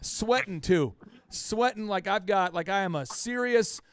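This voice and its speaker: A man's voice: high-pitched, a little slow, fairly bright tone, smooth, no echo. A man hosting a podcast, telling a story in casual chat and acting out quotes with big exaggerated voices. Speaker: podcast host.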